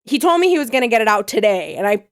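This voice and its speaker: A young adult woman co-hosting a podcast, telling stories in a profane, animated casual chat. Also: fairly high pitch, racing, clear, resonant tone. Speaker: podcast co-host.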